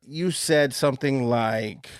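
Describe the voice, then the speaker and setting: A man co-hosting a podcast in casual chat, telling stories in a profane, animated way and laughing often. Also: medium pitch, slow, dry recording, clean studio sound. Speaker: podcast co-host.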